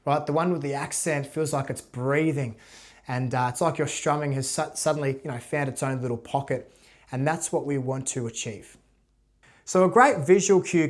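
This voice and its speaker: A man gives a casual guitar lesson, talking through each step in a relaxed, conversational way. His voice sits a little high for a man. He keeps checking in with his viewers, ending nearly every point with "right?". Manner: relaxed, repeats "right?" often. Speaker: guitar teacher.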